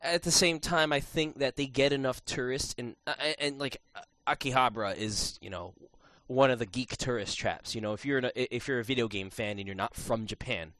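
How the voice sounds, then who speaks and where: A man hosting a podcast, telling an animated story in casual chat, with many restarts and fillers. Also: medium pitch, normal speed, hardly any pauses, dry recording. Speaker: podcast host.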